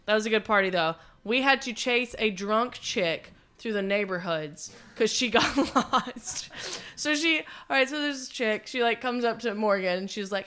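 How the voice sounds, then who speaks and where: Bright, clear-voiced young woman. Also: a little high, moderate pace. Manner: rambling, profane, animated storyteller. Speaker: podcast co-host. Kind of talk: casual storytelling chat.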